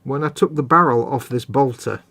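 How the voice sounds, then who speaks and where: Medium-pitched and gravelly, his voice sounds pushed and bright at a normal pace. The host of a live stream, he casually talks through his model building, self-deprecating and chatty.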